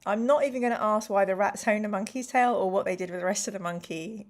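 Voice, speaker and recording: A woman's voice: mid-range voice, fast. A woman hosting a live stream, reading a gamebook aloud to her chat in a playful, exclamatory way.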